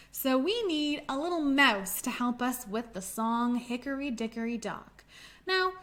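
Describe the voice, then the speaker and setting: Slow, gentle young woman leading storytime. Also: fairly high pitch. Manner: gentle, encouraging, sings nursery rhymes. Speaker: children's librarian. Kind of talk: children's storytime with songs.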